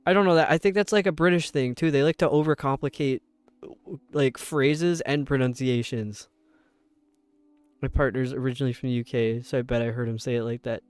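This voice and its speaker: A young man with a New York accent chatting casually with viewers while streaming, rambling and sounding out words slowly. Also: mid-range voice, steady tone, clean tone, no echo. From upstate New York. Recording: dry close mic with faint game music.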